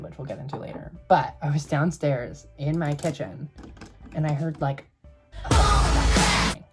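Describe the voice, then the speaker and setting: A man's voice: a little high, slightly rough. A young man in drag telling a spooky story to camera in a sassy, profane, dramatic way.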